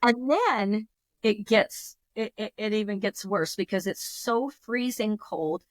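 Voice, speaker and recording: A woman in her fifties, a podcast guest telling a story in a lively, emotional way, with frequent restarts. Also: medium pitch, slow, dry recording. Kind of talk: casual storytelling.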